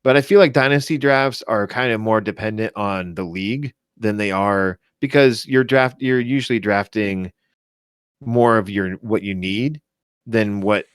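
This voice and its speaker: Low-voiced man rambling through casual sports chat. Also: unhurried, clear, resonant tone, dry recording, clean studio sound. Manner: rambling, lots of restarts and self-corrections. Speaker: podcast co-host. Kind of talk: casual fantasy football chat.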